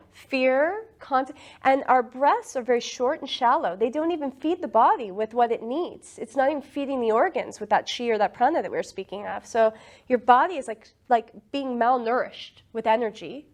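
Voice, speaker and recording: Earnest woman meditation teacher, casual group talk, slightly high voice, easy laughter. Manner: laughs often, earnest and enthusiastic.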